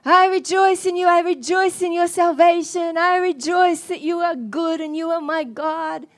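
A woman's voice: very high-pitched, normal speed, mellow, voice pushed up. A woman voicing an earnest male missionary who breaks into fervent, sing-song praise to God.

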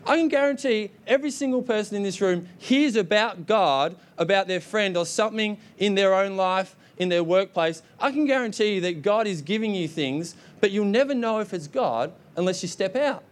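A young adult man preaching a sermon, energetic and exhorting the congregation. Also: high voice, normal speed, few pauses. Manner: energetic, exhorting with repeated "come on".

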